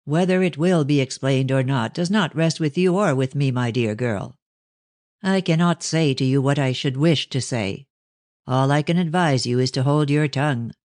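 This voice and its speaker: A stern, cold elderly father, measured and severe, as a man voices him in an audiobook. The sound is close and dry. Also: mid-range voice, a little mellow, dry recording, close to an everyday voice. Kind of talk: audiobook character reading.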